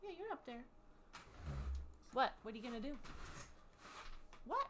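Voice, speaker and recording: A woman's voice: sits high, very animated, measured pace, background noise. A woman running a tabletop game as game master, chatting casually with many ums and restarts.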